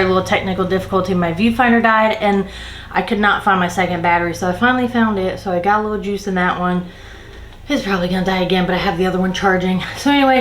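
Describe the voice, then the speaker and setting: A woman vlogger retells a workplace drama in an animated storytime, peppering it with "like" and acting out her coworkers' lines. Her voice sits in a middle register. It is picked up by the camera's own mic in a room that rings with echo. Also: medium pitch, slight background noise. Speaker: beauty vlogger. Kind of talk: chatty storytime while doing makeup. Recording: roomy echo.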